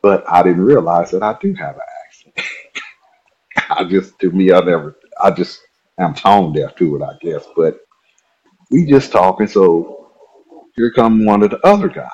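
Nebraska man, podcast guest, deep husky voice, relaxed chatty storyteller. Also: moderate pace, long pauses, lo-fi sound. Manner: relaxed, chatty, laughs at himself. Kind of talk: casual storytelling.

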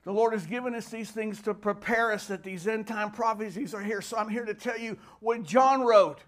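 High-voiced fervent preacher man. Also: moderate pace. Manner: fervent preaching, rising to shouts. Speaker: pastor. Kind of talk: sermon.

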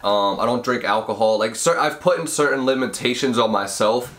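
A man's voice: medium pitch, brisk, a bit bright. Sick young man with a stuffy nose. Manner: mumbly, can't fully open mouth. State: sick with a cold, sniffling, nasal. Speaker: podcast host. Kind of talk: casual advice podcast.

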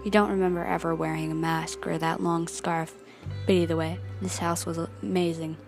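A woman's voice: lowish voice, flat delivery, normal speed, creaky, a little mellow. A young woman telling a story in the second person, dramatic and questioning, with music behind.

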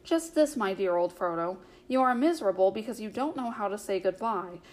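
A woman's voice: medium pitch, lively intonation, fairly quick, darkish tone, close to an everyday voice. A woman reading the lines of a shrewd, caring young male hobbit in an audiobook, in a coaxing, knowing manner.

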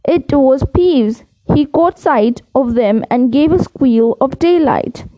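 Slow-reading woman, stumbling over words. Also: sits high, expressive, background noise. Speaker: reader. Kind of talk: reading a novel aloud. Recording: muffled home recording.

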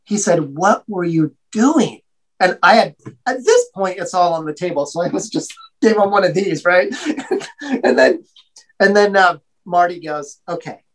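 Middle-aged male guest, animated storyteller who plays out each quoted voice. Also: high-pitched, moderate pace, low-quality recording. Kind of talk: casual storytelling.

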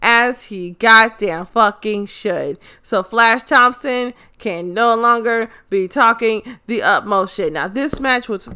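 A young woman casually recapping a wrestling episode, excitable and swearing freely, often losing track of names. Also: a little high. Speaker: show recap host.

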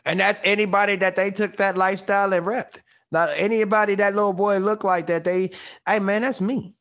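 Man, high voice, blunt and joking, casual podcast chat, dull lo-fi sound. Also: little pitch movement, brisk, fairly bright tone. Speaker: podcast co-host.

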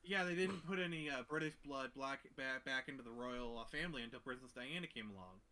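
A man's voice: medium pitch, a little fast, sharp tone. A man, a guest on a casual podcast, talking hesitantly with many restarts and jokes. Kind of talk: casual chat.

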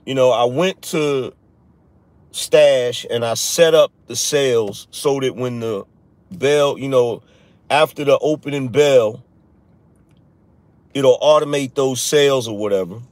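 Slow-talking male live-stream host. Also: mid-range voice, no room sound. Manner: talks to viewers, mocks critics in a raised voice. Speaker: podcast host.

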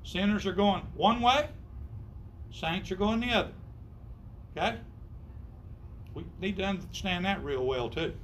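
Male preacher, high-pitched, emphatic sermon delivery with rhetorical questions. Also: unhurried, long pauses, a bit bright, a little hiss or hum. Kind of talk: sermon to a congregation.

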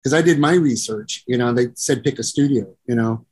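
A man's voice: medium pitch, a little fast, darkish tone, husky. A middle-aged man, a musician and producer, telling long profane stories and acting out the people in them. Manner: rambling and profane, acts out voices, keeps saying "you know". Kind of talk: casual storytelling interview.

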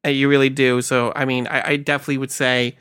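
A man co-hosting a casual podcast, talking about comics in a relaxed, filler-heavy way. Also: medium pitch, fast, clean tone. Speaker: podcast co-host.

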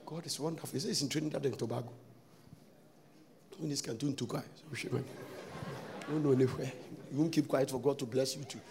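A man preaching a sermon, breaking into sudden shouts and sing-song lines. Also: mid-range voice, steady tone, quick pace, pauses often, background noise.

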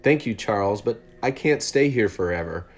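Storybook figure: a timid, anxious runaway teen girl, voice pitched up, read by a man. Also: lively intonation, normal speed, close to an everyday voice. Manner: timid and hesitant, stammers. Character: frightened runaway teenage girl.

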